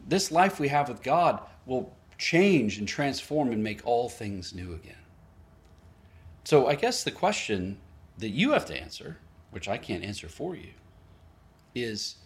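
A man preaching a sermon, earnest and storytelling, acting out both sides of a conversation with small laughs at himself. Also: mid-range voice. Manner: storytelling, quoting others in varied voices; earnest, with self-deprecating laughs. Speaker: pastor.

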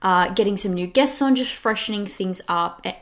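A woman's voice: medium pitch, normal speed. Chatty young woman podcast host. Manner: chatty, with frequent "like" and restarts. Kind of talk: casual solo podcast talk.

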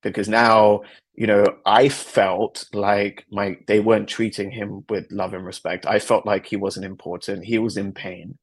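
Speaking at a measured pace with flat delivery, a man with a fairly low, husky voice hosts a podcast. His personal story doubles as a motivational talk, told earnestly and reflectively with heavy repetition.

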